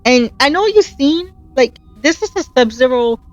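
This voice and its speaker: A woman's voice: high-pitched, expressive, moderate pace, highs cut off, faint music behind. A woman hosting her gaming channel, chatting earnestly and encouragingly as she plays, telling stories with animation. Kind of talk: casual gameplay commentary.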